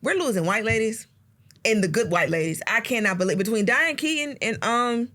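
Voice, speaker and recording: A woman's voice: a little high, lively intonation, a little fast, fairly bright tone. A woman co-hosting a comedy podcast, trading sassy, profane banter. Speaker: podcast co-host. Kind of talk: casual comedic chat.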